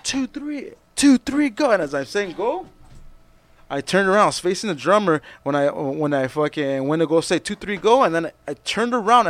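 A man's voice: fairly high pitch, dry recording. A man telling a stage story in casual chat, swearing a lot and acting out the people in it. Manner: profane, animated storyteller. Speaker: musician guest.

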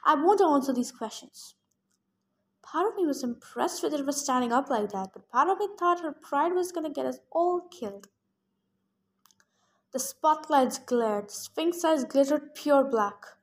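A woman reading a novel aloud in first person, with steady storytelling. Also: sits high, unhurried. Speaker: reader.

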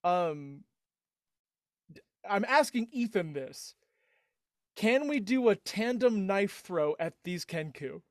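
High voiced dude playing d&d, keeps restarting, dry close sound. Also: male voice, lively intonation, slow pace, long pauses, dry recording. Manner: hesitant, many restarts and laughs. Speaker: player. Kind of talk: casual tabletop play.

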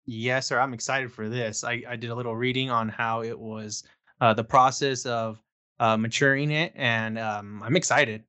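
A man's voice: mid-range voice, fairly even intonation, moderate pace, pushed and bright, clean tone. A man co-hosting a whiskey podcast in casual chat, teasing and joking. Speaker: podcast co-host.

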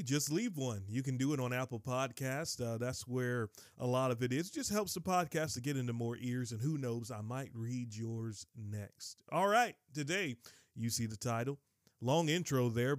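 A man from North Carolina with a rural Southern accent, hosting a casual Bible teaching podcast in a lively, folksy way, rushing through asides and slowing down for scripture. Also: mid-range voice, dry recording, clean studio sound. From Kinston, North Carolina, USA. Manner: lively, folksy, swings between fast asides and slow emphatic reading.

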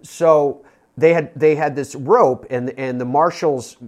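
A man's voice: a little high, steady tone, slow, darkish tone. A man hosting a golf radio show, talking casually, reeling off names and often restarting his sentences. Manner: rambling, self-correcting, reels off names. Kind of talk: casual sports radio talk.

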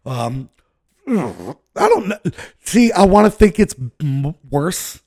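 Casual co-host, man, higher-pitched, profane storyteller who rambles and laughs at himself. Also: sing-song, slow pace, a little mellow, dry recording, studio quality. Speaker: podcast co-host telling a story.

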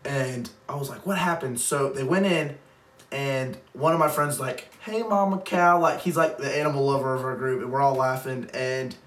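A man's voice: medium pitch, fairly even intonation, moderate pace. A young man co-hosting a casual chat, telling a long rambling story with many "like"s and frequent laughs. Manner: rambling, laughs often, heavy use of "like". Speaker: podcast co-host. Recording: roomy, distant mic, faint background noise.

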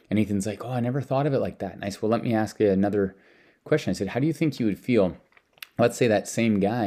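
With a lowish, dark-toned voice, a man from Canada shares personal stories about teaching lessons with his young son. His casual storytelling rambles, with many repeated words and false starts.

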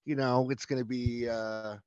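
A man's voice: mid-range voice, flat delivery, unhurried, darkish tone, clean tone, dry recording, lo-fi sound. A man from North Carolina co-hosting a podcast, talking casually in an enthusiastic, rambling way. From North Carolina, USA. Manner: rambling, enthusiastic, many restarts. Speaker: podcast co-host. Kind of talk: casual chat.

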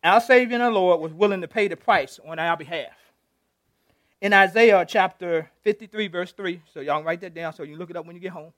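A male pastor leads an interactive sermon, chatting with his congregation and joking with individual members. His voice sits high, and the recording is dry and close. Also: fairly quick, a bit bright, no echo. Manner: conversational, teasing the congregation, retells scripture with playful voices.

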